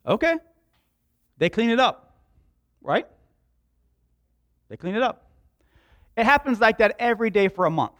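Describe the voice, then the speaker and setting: Man, pastor, sermon, conversational, joking asides, high voice, very expressive pitch. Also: a little slow, long pauses.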